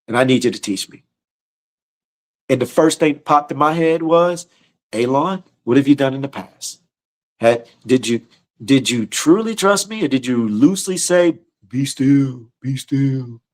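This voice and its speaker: A man's voice: mid-range voice, animated, normal speed. A man teaching scripture in a casual, slangy sermon style, often repeating and restarting his words. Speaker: teacher leading a scripture study.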